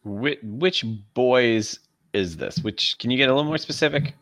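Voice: mid-range voice, a bit bright. A tabletop game player who jokes around and laughs easily. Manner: jokey, quick to laugh.

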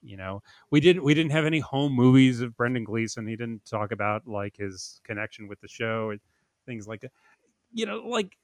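A man co-hosting a podcast in casual chat, measured and dryly teasing. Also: fairly low pitch, fairly bright tone, no room sound, studio quality. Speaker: podcast co-host.

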